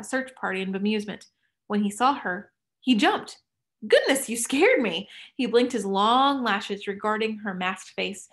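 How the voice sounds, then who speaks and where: A woman reading a novel aloud at a measured pace. Her mid-pitched voice drops to a hush for tense moments. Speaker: audiobook narrator. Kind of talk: scripted narration.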